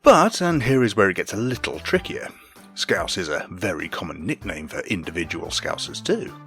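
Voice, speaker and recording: Low british guy reading his podcast bit, dry jokes, voice swings up and down, faint music under. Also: big pitch swings, normal speed, a bit bright. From Britain. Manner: dry, wry asides. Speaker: podcast co-host. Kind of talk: scripted segment read-out.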